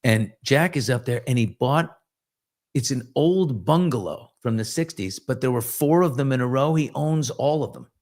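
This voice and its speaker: A middle-aged man hosting a relaxed morning chat, with a voice of ordinary pitch. He reads viewer comments and slides into long, joking anecdotes full of asides and restarts. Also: normal speed. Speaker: host. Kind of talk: casual live show chat and storytelling.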